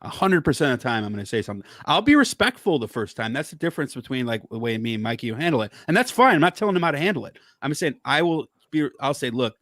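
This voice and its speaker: Man guest, mid pitch, dry sound, fired-up storyteller swearing freely. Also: very animated, fast, hardly any pauses, fairly bright tone, no echo. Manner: heated, profane storytelling. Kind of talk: casual chat.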